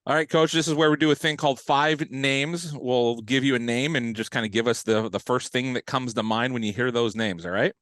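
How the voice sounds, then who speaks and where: A man hosting a sports podcast, telling stories in a lively, casual way with bits of slang. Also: medium pitch, fairly quick, few pauses, no echo. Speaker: podcast host.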